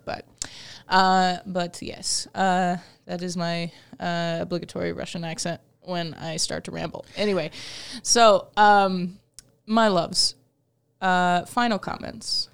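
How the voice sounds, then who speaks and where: A woman chats casually as a podcast co-host. Her voice sits a touch low and comes through smooth and clean. She rambles loosely and laughs easily. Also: fairly even intonation, unhurried. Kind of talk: casual chat.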